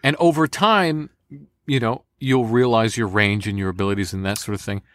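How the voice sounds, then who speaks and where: A man, a voice actor, giving animated, repetitive advice in a casual interview. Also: lowish voice, normal speed, dry recording. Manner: animated, demonstrative, repeats for emphasis. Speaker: voice actor guest.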